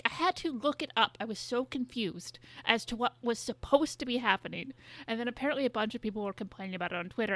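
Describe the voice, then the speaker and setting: A woman's voice: medium pitch, bright, forceful tone, no echo. A woman co-hosting a podcast, telling stories in a rambling, exasperated casual way. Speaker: podcast co-host. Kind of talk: casual chat.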